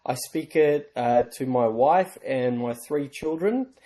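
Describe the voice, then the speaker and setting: Mellow man, South African–Kiwi accent. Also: medium pitch, takes it slowly. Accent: South African and New Zealand. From South Africa and New Zealand. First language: Afrikaans. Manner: friendly storytelling. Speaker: guest. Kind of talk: podcast interview.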